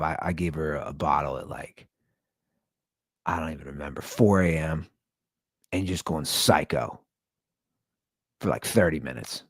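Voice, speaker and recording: A man's voice: sits low, breathy edge, no echo, clean studio sound. A tired man hosting a podcast, talking in a blunt, rambling casual monologue full of restarts. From Cincinnati area. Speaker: podcast host.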